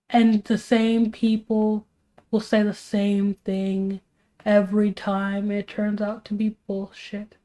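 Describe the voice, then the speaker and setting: A woman's voice: medium pitch, fairly even intonation, slow pace, mellow. Young woman streaming while drawing, tired and annoyed, rambly rhetorical questions. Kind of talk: casual commentary while drawing.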